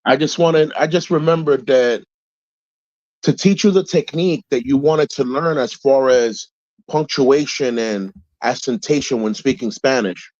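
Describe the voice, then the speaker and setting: A man's voice: mid-range voice, unhurried, a little mellow, no room sound, muffled recording. A man casually explaining a speaking technique, direct and encouraging, mixing in some Spanish. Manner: direct and encouraging, switches between English and Spanish. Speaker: guest giving advice. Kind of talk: casual instructive chat.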